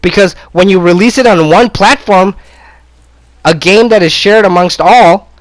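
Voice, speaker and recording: A man's voice: high voice, a little slow, no echo, low-quality recording. Male gaming vlogger, angry profane rant, gloating, stammering fillers, raised voice, dry close sound. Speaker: gaming video creator.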